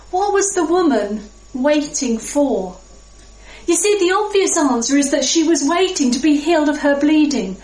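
High-voiced woman preaching slowly, echoey room. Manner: reflective, measured, with pauses. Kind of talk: sermon.

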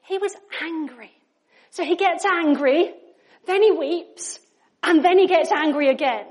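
A woman's voice: very high-pitched, measured pace. A woman preaching a sermon in a chatty, conversational way, often asking her listeners questions.

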